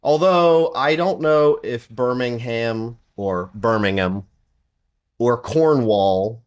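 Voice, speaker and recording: A man's voice: slow pace, clear, resonant tone. A man co-hosting a podcast, chatting casually and rambling with lots of fillers. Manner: mimics accents with big pitch jumps. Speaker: podcast co-host. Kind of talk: casual chat.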